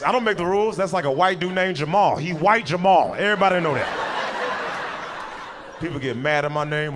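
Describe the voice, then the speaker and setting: Animated stand-up comic on a club stage. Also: male voice, background noise. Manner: animated, jumps into high squealing voices for other people. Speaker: stand-up comedian. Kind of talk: stand-up comedy set. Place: comedy club stage with live audience. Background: audience laughter.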